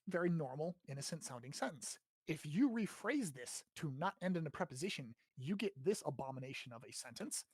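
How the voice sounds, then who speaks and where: A man's voice: on the high side, very animated, brisk, few pauses, darkish tone, slightly rough, no room sound, clean studio sound. An American man hosting a casual grammar lesson, explaining in a chatty way, often checking with "right?" and swearing now and then. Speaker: host teaching grammar.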